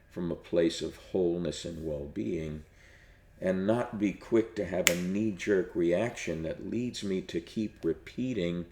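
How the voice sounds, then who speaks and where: A deep-voiced male pastor delivers a short devotional, slowing down and repeating phrases for weight. His voice carries a noticeable roomy echo around it. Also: darkish tone. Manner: measured, repetitive cadence with drawn-out phrases.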